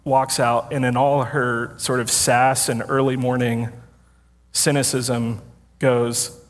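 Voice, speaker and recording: A man's voice: mid-range voice, little pitch movement, slow. A man preaching a sermon as a pastor, telling a story in a casual, self-deprecating way and laughing often. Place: church sanctuary with congregation. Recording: long hall reverb.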